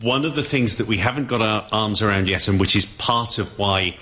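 A man in his fifties, an opinion columnist, talking through market analysis in a halting way with many restarts and fillers. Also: lowish voice, pushed and bright.

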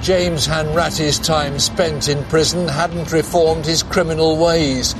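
Higher-voiced male documentary presenter, music behind. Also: fairly even intonation, slow pace. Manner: dramatic, posing questions.

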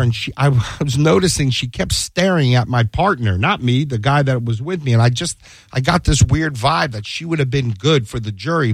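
A man's voice: medium pitch, slightly rough, no room sound. Guy lawyer telling stories, does the voices, dry close mic. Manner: animated, acts out quoted dialogue. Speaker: defense attorney, guest. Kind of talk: casual storytelling chat.

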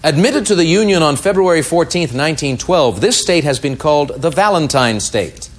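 A man hosting a quiz show, reading out clues crisply and giving brief verdicts. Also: a little high, animated, normal speed.

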